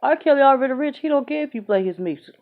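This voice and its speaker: A woman's voice: high voice, animated, very fast. A woman giving a blunt, emphatic opinion rant into her phone, as in a casual vlog. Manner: emphatic, blunt, fed-up, conversational. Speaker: vlogger. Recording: dull lo-fi phone audio.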